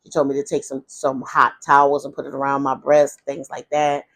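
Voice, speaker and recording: A woman's voice: rumbling low, completely flat delivery, fairly quick. Woman vlogger confiding her life story; loose, frank, full of restarts. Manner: rambling and frank, with many restarts and asides. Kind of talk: candid casual storytelling.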